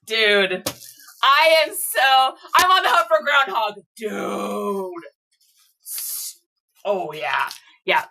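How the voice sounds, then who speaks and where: A woman reseller chatting casually to viewers, gushing and excitable as she unboxes items. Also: medium pitch, drawn-out words, gravelly, pauses often, recorded from a distance, slight background noise. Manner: gushing, excitable, squeals and laughs. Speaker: reseller vlogger.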